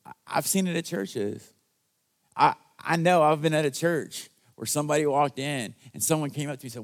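A man preaching a sermon as pastor, earnest and conversational, with call-and-response asides to the congregation and quoted lines acted out in a raised voice. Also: normal speed. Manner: acts out quoted voices with big jumps in pitch and loudness.

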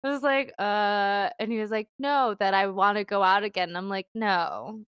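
Chatty young woman, smooth dry voice. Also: mid-range voice, moderate pace, fairly bright tone, no echo. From Philippines. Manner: chatty storytelling, lots of fillers and laughs. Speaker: guest telling a dating story. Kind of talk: casual chat.

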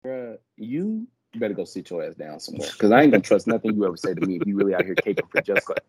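A young man with a Southern accent banters brashly on a podcast, swearing freely and talking with a lot of pitch movement. His voice is slightly husky. The sound is dry and close, with no room echo. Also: racing. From Memphis, US. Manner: brash, profane, animated ribbing. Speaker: podcast co-host. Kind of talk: casual hip-hop podcast banter.

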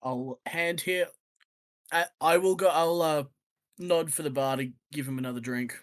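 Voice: medium pitch, moderate pace. Laid-back tabletop player. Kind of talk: in-character tabletop play.

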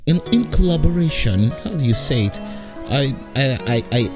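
A man in his twenties from Italy, hosting a casual podcast monologue from home while lying down, rambling with frequent repeats and laughs. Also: medium pitch. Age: 20s. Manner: rambling, repetitive, laughs often. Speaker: podcast host and comedian.

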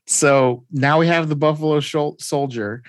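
A man's voice: a little high, a little slow, no echo. A man hosting a podcast, casually recapping a comic story with frequent "like"s and restarts. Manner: rambling, many "like"s and restarts. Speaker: podcast host.

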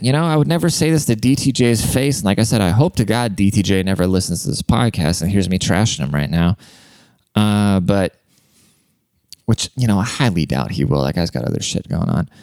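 A man's voice: fairly low pitch, darkish tone, clean tone, no room sound. A young man telling stories on a podcast, rambling and swearing, often breaking into laughs. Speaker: podcast host. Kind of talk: casual podcast monologue.

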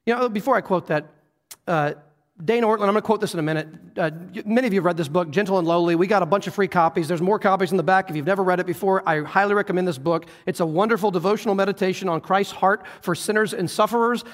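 A man's voice: high voice, quick pace. A man preaching a sermon as pastor, earnest and emphatic, often restarting his words. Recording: reverberant hall.

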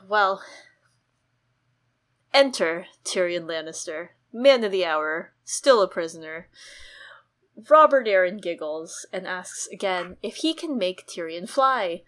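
Lower-voiced analytical woman. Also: a bit bright. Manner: analytical, summarizing and explaining. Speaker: podcast co-host. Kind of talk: casual book discussion.

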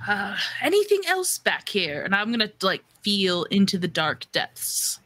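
A woman's voice: medium pitch, big pitch swings, a little slow, few pauses, fairly bright tone. A woman playing a tabletop role-playing game, narrating her character theatrically and playfully. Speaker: player.

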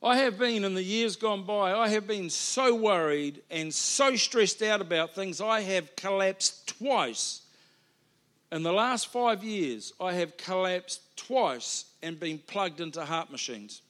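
A man's voice: high voice, animated, slow pace, a bit bright. A middle-aged man, a pastor preaching a sermon in a chatty, emphatic style with asides. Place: church hall.

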